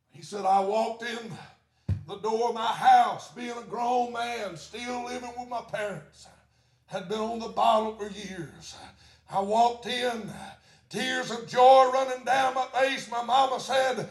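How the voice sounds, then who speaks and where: A pastor with a very high voice tells a story from the pulpit. He shouts his refrains and peppers his sentences with "uh". His voice rings out through a roomy, echoing church. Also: unhurried. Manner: animated preaching, shouting refrains, many "uh" fillers. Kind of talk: storytelling sermon.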